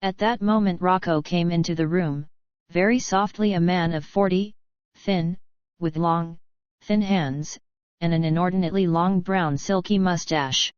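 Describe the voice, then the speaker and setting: A woman narrating an audiobook in an even, steady reading. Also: fairly low pitch, measured pace, clean tone, no echo, lo-fi sound.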